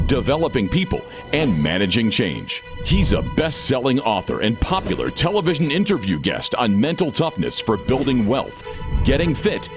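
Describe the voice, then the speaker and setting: A man delivers a polished promotional voice-over at a medium pitch, his intonation rising and falling widely for emphasis. Loud background music plays under his narration. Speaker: announcer.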